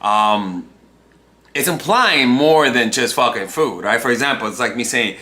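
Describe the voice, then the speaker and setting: A man's voice: mid-range voice, big pitch swings, moderate pace, bright, forceful tone. A man in his twenties, a dating coach talking casually to camera, restarting phrases and often tagging on "right?". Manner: talks in loose restarts and checks in with "right?".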